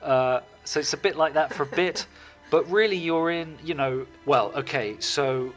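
A man being interviewed, chatting casually and telling animated stories about his work. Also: fairly high pitch, unhurried, faint music behind. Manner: animated, lively storytelling, puts on voices. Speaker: guest filmmaker.

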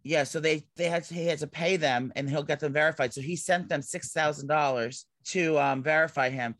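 A man co-hosting a casual gossip podcast, rambling and excitable, swearing casually. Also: on the high side, a little fast, dry recording. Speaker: podcast co-host.

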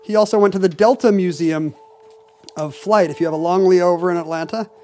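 A man's voice: sits high, a little fast, warm tone, slight background noise. A man co-hosting a casual podcast, reading listener mail with dry, wry humor. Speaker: podcast co-host. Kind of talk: casual chat.

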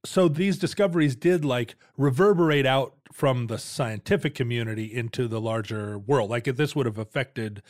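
A man hosting a podcast, asking questions and summing up points in relaxed chat. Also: mid-range voice, moderate pace, hardly any pauses, no echo, clean studio sound. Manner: asks leading questions and sums up the guest's points. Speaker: podcast host. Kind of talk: casual conversational podcast chat.

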